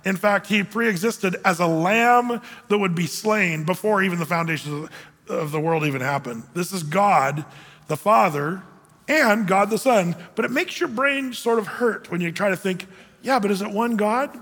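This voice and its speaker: A man's voice: high voice, moderate pace, a bit bright. A middle-aged male pastor preaching a sermon in a conversational, self-deprecating way, often restarting his phrases. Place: church hall. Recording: long hall reverb.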